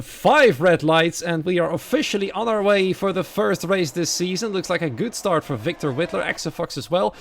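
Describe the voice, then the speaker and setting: A sim racing commentator with a Dutch accent, his slightly high voice carrying a gravelly edge. He chats quietly with viewers during the lulls and gets louder and livelier once the cars are racing. A faint hiss sits under the recording. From Netherlands. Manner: quiet and chatty while waiting, lively and louder once the race starts. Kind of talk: live race commentary.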